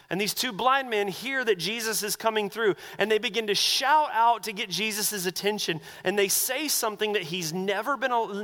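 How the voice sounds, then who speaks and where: A man preaching a sermon as pastor, animated and acting out the voices he quotes. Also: high-pitched, big-room sound.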